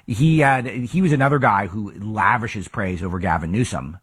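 Male talk host, low husky voice, punchy opinionated commentary. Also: normal speed, a bit bright. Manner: emphatic, rhetorical questions. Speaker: political talk show host.

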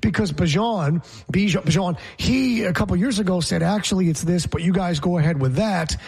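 A man's voice: high-pitched, fairly quick, darkish tone, husky. A man co-hosting a sports talk show, chatting casually and quizzing his co-host with opinions. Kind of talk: casual sports radio chat.

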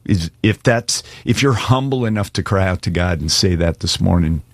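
A man preaching a sermon as pastor, earnest and pleading, slowing and speeding up for emphasis as he calls listeners to respond. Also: low-pitched, expressive, no echo. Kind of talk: sermon with altar call.

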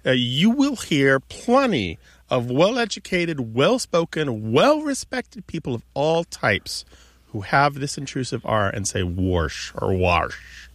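A man's voice: on the high side, wildly swooping pitch, unhurried, dry recording. Male radio co-host, patient explainer, dry close mic. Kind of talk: casual explanatory radio chat. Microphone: studio microphone.

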